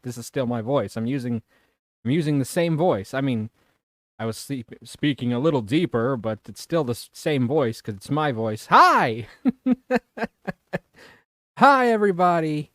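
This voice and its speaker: A man's voice: medium pitch, darkish tone, no room sound, clean studio sound. A man streaming a video game, talking casually to his viewers in a rambling, self-mocking way and swearing freely. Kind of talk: casual let's-play commentary.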